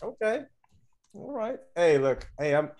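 A man co-hosting a casual podcast, swearing freely as he tells stories in an animated way. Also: sits high, unhurried. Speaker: podcast co-host. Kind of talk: casual chat.

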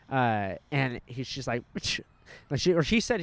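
Fast-talking man telling wild stories. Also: mid-range voice, dry recording. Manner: fast, animated storytelling with heavy swearing. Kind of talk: casual chat.

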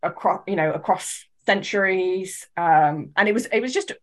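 British woman co-hosting a casual podcast. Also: medium pitch. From United Kingdom. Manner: thoughtful, measured, hedging with restarts. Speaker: podcast co-host. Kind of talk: casual chat.

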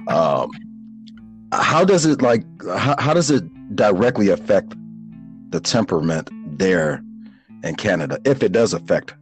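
A man's voice: fairly low pitch, sing-song, a little slow, soft background music, low-quality recording. A man hosting a podcast in a laid-back, joking way, repeating his phrases and laughing often. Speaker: podcast host. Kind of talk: casual podcast chat.

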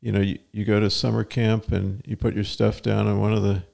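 Gravelly older man, dry punning humor. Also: fairly low pitch, little pitch movement, a little fast, a little mellow. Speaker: co-host, the host's father. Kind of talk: casual chat.

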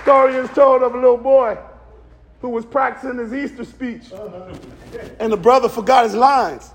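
High-voiced whooping preacher man. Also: steady tone, normal speed, a faint crowd, a little hiss or hum. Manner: whooping preacher, shouting and chanting in rising cadence. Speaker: pastor. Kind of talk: funeral sermon. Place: church sanctuary.

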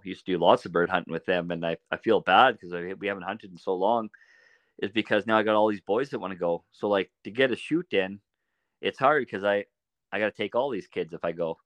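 A man on a podcast as a guest, telling animated anecdotes in a casual way and laughing often. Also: fairly low pitch, brisk, no echo, highs cut off. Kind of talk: casual storytelling.

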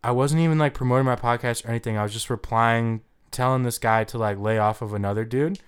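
Smooth-voiced man hosting a podcast. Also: mid-range voice, quick pace. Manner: relaxed, chatty, casual swearing. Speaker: podcast host. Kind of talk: casual podcast chat.

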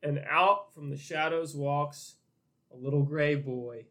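A podcast co-host in a casual book discussion, retelling a story with animated energy and frequent swearing. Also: medium pitch, takes it slowly.

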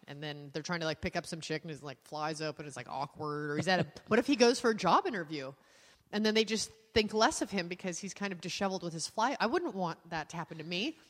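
Woman podcast co-host, lively storyteller who acts out voices, slight hall reverb. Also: mid-range voice. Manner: animated, laughing, acts out voices and sounds. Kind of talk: casual storytelling chat.

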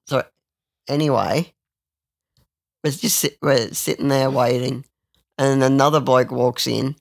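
Young man, crude and rambling storyteller; gravelly, dry close recording. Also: medium pitch, steady tone, a little slow, no echo. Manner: rambling, crude, with lots of restarts. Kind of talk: casual storytelling chat.

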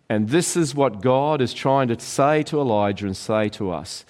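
A middle-aged pastor delivers an earnest sermon in a mid-pitched voice. He often slows down and softens to a near hush on key phrases, then picks up again. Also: expressive. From Australia.

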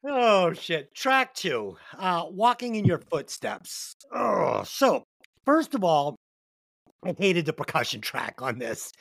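A man's voice: on the high side, big pitch swings, slow, creaky, a bit bright, no room sound. A man co-hosting a casual album review podcast, joking, swearing and acting out quoted voices. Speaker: podcast co-host. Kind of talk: casual music review chat.

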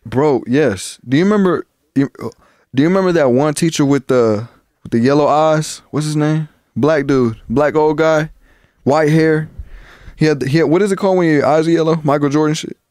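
A man's voice: a little high, moderate pace, a little mellow, dry recording, studio quality. A young man co-hosting a podcast, telling long profane stories from childhood in a rambling, casual way. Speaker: podcast co-host. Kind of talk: casual chat.

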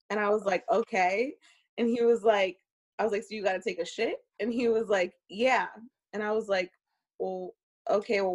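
A young woman casually telling a dating story, animated and profane, laughing often. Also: mid-range voice.

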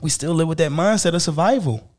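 A middle-aged man hosting a podcast, talking candidly and emphatically with lots of swearing, dropping low and quiet, then rising loud. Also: fast. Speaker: podcast host.

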